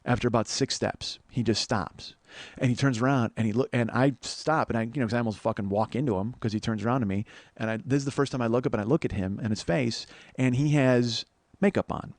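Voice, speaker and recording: A man's voice: medium pitch, fast, dry recording. A man in his forties telling a rambling, profane story as a podcast host. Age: 40s. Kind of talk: storytelling monologue.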